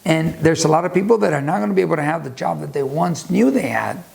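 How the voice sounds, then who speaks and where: Gravelly man talking casually on a channel. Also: fairly high pitch, animated, quick pace, darkish tone. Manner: rambling, with many restarts and anecdotes. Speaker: YouTube host discussing a book. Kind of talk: casual unscripted talk.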